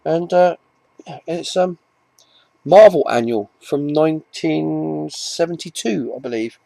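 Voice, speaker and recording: This English comic collector vlogger talks casually to camera in a slow, creaky voice that sits on the high side with a dark tone. The recording is dry. He rambles, keeps restarting his sentences, and throws in self-mocking asides.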